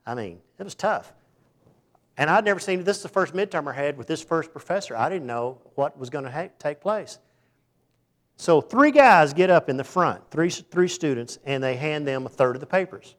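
A man preaching a sermon in a folksy, conversational way, dropping to hushed asides and rising to sudden loud bursts. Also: a little high, animated, normal speed. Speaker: pastor.

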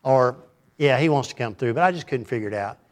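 A man's voice: medium pitch, animated, fast talker. A middle-aged man preaching a conversational sermon in a folksy, rambling way, often putting questions to his listeners.

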